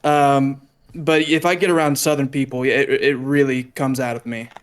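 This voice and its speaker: A man's voice: medium pitch, little pitch movement, moderate pace, clear, resonant tone. A young man raised in the South, chatting on a podcast as a guest, rambling with many restarts. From American South. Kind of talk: casual chat.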